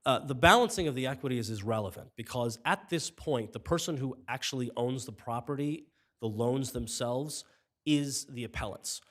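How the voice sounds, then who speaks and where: A man arguing as an attorney in a courtroom, formal and measured, his voice wearing thin. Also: medium pitch. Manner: formal, measured, apologetic when interrupted. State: voice giving out. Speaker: appellate attorney. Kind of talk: courtroom oral argument. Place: appellate courtroom.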